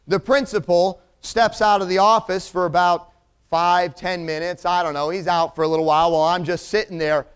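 Guy preaching, telling a story all lively, kinda high smooth voice. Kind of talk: storytelling sermon illustration.

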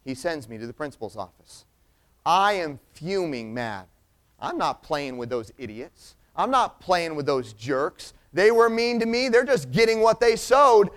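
A man telling a personal story as a sermon illustration, animated and acting out the people in it. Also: high voice, normal speed.

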